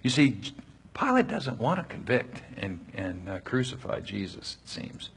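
A man's voice: mid-range voice, big pitch swings, normal speed, creaky, fairly bright tone, husky. A man leading a Bible study, reading passages aloud and explaining them in a conversational way with frequent restarts.

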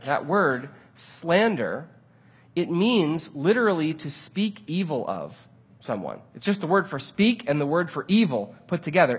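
Animated husky male preacher. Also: on the high side. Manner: animated storytelling, acts out his own frustration. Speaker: pastor. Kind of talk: sermon.

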